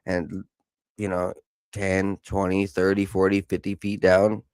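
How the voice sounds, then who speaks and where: A man hosting a podcast, reading news articles aloud with casual joking asides, stumbling over hard words, and saying he is high. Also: monotone, measured pace, darkish tone, smooth, no room sound. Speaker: podcast host.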